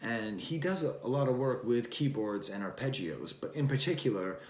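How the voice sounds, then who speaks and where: A man's voice: medium pitch, animated, normal speed, darkish tone, a little hiss or hum. A man hosting a casual album review, talking in a rambling, wry way and drifting between thoughts with plenty of fillers. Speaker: record review host. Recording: roomy echo.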